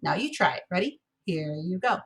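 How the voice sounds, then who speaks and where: A woman music teacher giving a recorded lesson, patiently encouraging students and chanting rhythm syllables slowly. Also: lowish voice, expressive, vocal fry, heavy background noise.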